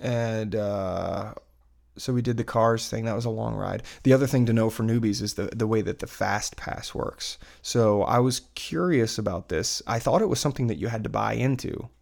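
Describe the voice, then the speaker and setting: Gravelly-voiced dad chatting casually. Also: male voice, fairly low pitch, normal speed, darkish tone. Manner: rambling, chatty, many fillers and restarts. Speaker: parent recounting a theme park trip. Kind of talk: casual chat.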